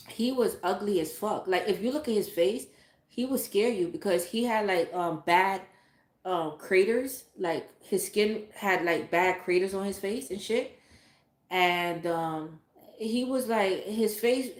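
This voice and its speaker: A woman's voice: lowish voice, a little mellow. A woman talking in a casual, candid way, rambling and swearing freely, with lots of fillers like "like" and "um". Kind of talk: casual chat. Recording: echoey room.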